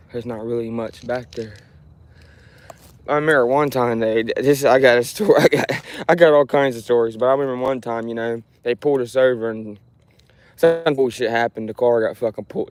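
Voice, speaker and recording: A man's voice: medium pitch, steady tone, normal speed, a little mellow, slight background noise. A man livestreaming, telling a rambling, frustrated story with frequent restarts and swearing. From Ohio, USA.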